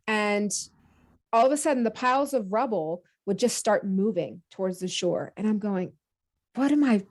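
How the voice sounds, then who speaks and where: Podcast guest, woman, mid-pitch, animated storyteller who acts out what she was thinking. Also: moderate pace. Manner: lively, acts out her own quoted thoughts; many fillers and restarts, laughs easily. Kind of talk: casual conversational storytelling.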